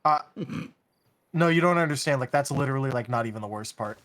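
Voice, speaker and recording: A man chatting as a guest on a stream, eager and quick to jump in with asides. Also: medium pitch, fairly bright tone. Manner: eager, talks over others with asides. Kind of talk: casual stream chat.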